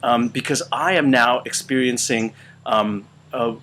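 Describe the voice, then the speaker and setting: A man teaching voice, speaking with a weakened, out-of-shape voice in a halting way full of fillers and restarts. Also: medium pitch, fairly bright tone, slight background noise. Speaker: voice teacher and choir conductor. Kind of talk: casual instructional video. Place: small retreat room.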